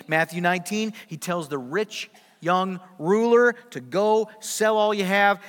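A male pastor delivers a sermon in a fairly high voice. He is emphatic and poses rhetorical questions, moving from loud to quiet. His words carry through a hall with long reverb. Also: moderate pace. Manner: emphatic, rhetorical questions, big swings in loudness.

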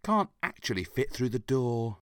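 A man's voice: medium pitch, sing-song, moderate pace, fairly bright tone, clean tone. A man performing a scripted comedy sketch in a flustered, stammering way. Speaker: comedy podcast regular.

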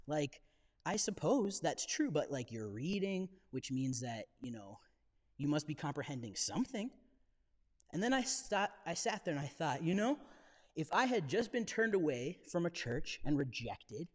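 A man's voice: a little high, very animated, normal speed. A man preaching as a pastor, in a casual, jokey storytelling way with bits of slang. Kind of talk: conversational sermon. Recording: reverberant church hall.

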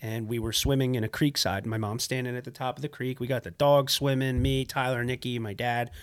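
A man's voice: medium pitch, fairly even intonation, a little fast, clean tone, no echo, studio quality. A man co-hosting a podcast, telling funny childhood stories in casual chat and building up to the punchline. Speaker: podcast co-host.

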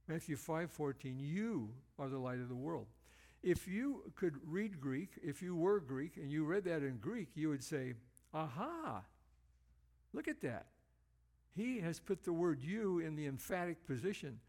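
Earnest gravelly-voiced male preacher. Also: fairly high pitch, animated, a little mellow. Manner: earnest, emphatic, slows down to stress key phrases. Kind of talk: sermon.

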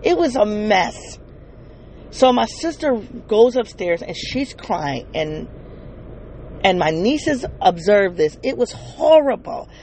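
Creaky-voiced podcaster telling a painful story. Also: mid-range voice, sing-song, a little mellow, slight background noise, poor audio. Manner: halting, with frequent restarts and self-corrections; earnest, addresses listeners directly. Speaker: podcast host. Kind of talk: emotional personal storytelling.

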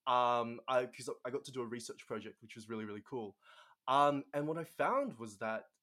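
Young man, Australian accent, chatty guest, lots of fillers, mid-pitched voice. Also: normal speed. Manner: chatty, many fillers, animated quoting. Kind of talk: casual storytelling in conversation.

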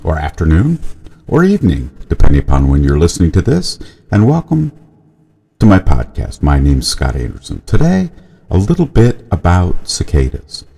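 Gravelly, very deep-voiced male podcaster. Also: wildly swooping pitch, moderate pace, dark tone. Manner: rambling, self-correcting, chuckling asides. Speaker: podcast host. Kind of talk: casual solo podcast monologue.

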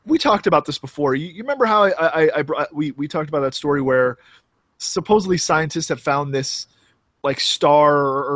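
A man's voice: a little high, a bit bright, no echo. A man co-hosting a podcast, chatting casually and rambling with many restarts and fillers. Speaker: podcast co-host. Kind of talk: casual chat.

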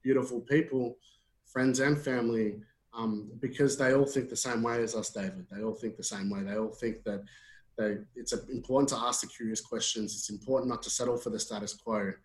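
A man's voice: medium pitch, steady tone, a little fast. An Australian man speaking earnestly as a podcast guest, with frequent fillers and restarts. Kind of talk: casual conversation. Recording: echoey room.

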